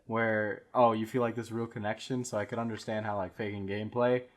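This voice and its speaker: A man's voice: lowish voice, flat delivery, fairly quick. Rambling casual podcast man. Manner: rambling, many fillers and restarts. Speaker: podcast co-host. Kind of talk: casual chat.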